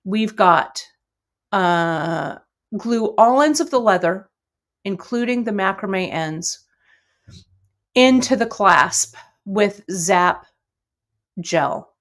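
A woman's voice: medium pitch, lively intonation, very slow, long pauses. A middle-aged woman hosting a live jewelry-making stream, chatting with viewers in a friendly, rambling way full of fillers. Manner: chatty, warm greetings to viewers, many fillers. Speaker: bead shop host. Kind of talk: casual live-stream chat and jewelry demo.

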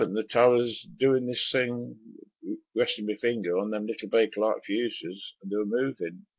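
Deep husky man telling a story. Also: steady tone, normal speed, no echo. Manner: swears casually, many ums and asides. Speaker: former truck driver. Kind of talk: rambling spoken anecdote. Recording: dull lo-fi recording.

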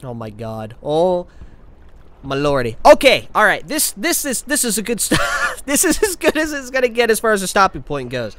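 Male gaming YouTuber, high and bright voice, panicky outbursts between muttered asides, at a desk mic. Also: brisk, few pauses. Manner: excitable, yelps and panics, then mutters to himself. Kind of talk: let's play commentary.

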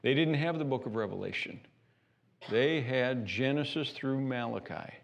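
A man preaching a sermon as pastor of a church, animated and repeating himself as he builds each point. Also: medium pitch, moderate pace, creaky, lo-fi sound. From United States. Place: church sanctuary.

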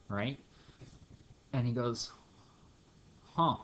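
A man's voice: mid-range voice, fairly even intonation, slow, pauses often, lo-fi sound. A man teaching a math lesson in a playful, jokey storytelling way, acting out little scenes. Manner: playful storytelling with acted bits. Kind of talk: jokey classroom lecture.

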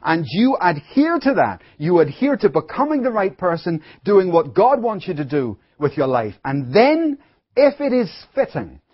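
A man's voice: sits high, very animated, moderate pace, slightly rough. A man preaching a sermon as pastor, telling stories with chatty asides to his congregation. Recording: dull lo-fi recording.

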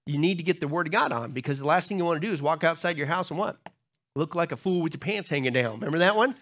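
A man's voice: a little high, lively intonation, quick pace, a bit bright. A man preaching a sermon as pastor, emphatic and joking, often asking the congregation rhetorical questions.

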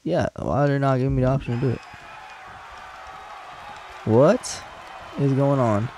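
A man giving casual, excitable commentary while playing a wrestling video game, teasing and talking to the characters on screen. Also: medium pitch, measured pace, some chatter behind, slight background noise. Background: game music.

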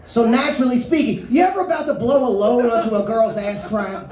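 This comic speaks fairly fast in an extremely high, animated voice, delivering a profane and absurd bar set that leaps between tangents. He's captured from a distance in an echoey room.

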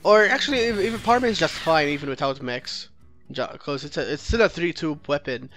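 A man with a somewhat high-pitched voice talks through his own card game match as a let's play host. He thinks out loud, restarts his sentences and corrects himself, and critiques his opponent's plays. Soft music plays faintly underneath. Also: a little fast. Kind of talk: gameplay commentary.

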